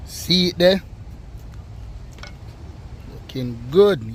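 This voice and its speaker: A young Jamaican man, playful and teasing, chats through a home cooking video. His voice sits slightly high. A faint hum of background noise runs under the recording. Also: slow pace, long pauses. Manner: playful, joking, shouts out to fans. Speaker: co-host, son of the cook. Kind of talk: casual cooking vlog banter.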